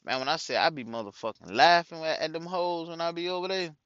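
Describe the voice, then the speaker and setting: A man's voice: a little high, quick pace, fairly bright tone, clean tone, no echo, dull audio. Rambling, profane man telling stories. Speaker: father talking to his followers. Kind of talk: casual storytelling monologue.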